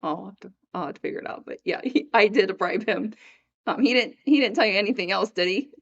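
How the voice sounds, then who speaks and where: Chatty lady on a faith podcast, mid-pitch, tells stories and laughs a lot, kinda dull lo-fi audio. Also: fast, gravelly, a bit bright. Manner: chatty storyteller, laughs often, acts out quoted voices. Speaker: podcast co-host. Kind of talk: casual faith podcast chat.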